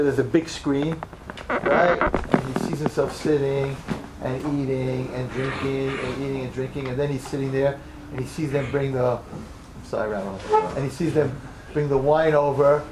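A man in his sixties from New York delivers a sermon as a story, his voice a little higher than most men's. He swings dramatically between hushed murmurs and loud outbursts. A faint hiss sits under the recording. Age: 60s. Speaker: religious teacher.

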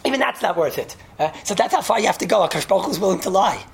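A Torah teacher leads a Talmud class, his high, creaky voice animated and rapid-fire. He tells the story with lively energy, repeats himself, and mixes in Yiddish and Hebrew terms.

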